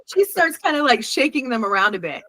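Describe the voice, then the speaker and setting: A woman guest in a casual interview, telling a personal story with lively quoted voices and frequent laughter. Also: sits high, fairly quick. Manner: animated, laughs often, acts out quoted voices.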